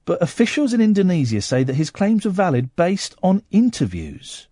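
A man's voice: high-pitched, huge pitch swings, moderate pace, mellow, no echo, clean studio sound. A man hosting a radio show, teasing and joking in casual banter, often stumbling and repeating words. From Slough, England. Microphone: studio mic.

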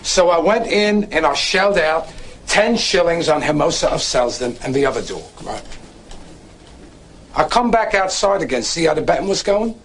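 A man's voice: fairly high pitch, lively intonation, normal speed, a little hiss or hum. An actor playing a chatty man with a put-on Cockney accent, telling a story about a dog-racing bet in a film scene. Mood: storytelling. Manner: storytelling, addresses listener repeatedly. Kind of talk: film dialogue.

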